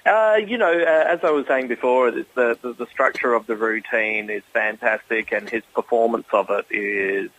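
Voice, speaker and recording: A man's voice: mid-range voice, moderate pace, few pauses, fairly bright tone, low-quality recording. A man as an interview guest, talking casually and hesitantly with many fillers. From Australia. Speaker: guest comedian.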